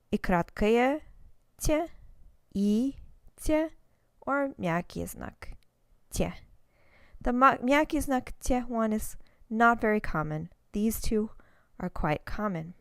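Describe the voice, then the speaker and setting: Woman teacher, unhurried, smooth clear voice, dry close sound, patient step-by-step explaining. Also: medium pitch, dry recording. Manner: clear, patient explaining, slow careful example words. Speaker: language teacher. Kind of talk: recorded lesson narration.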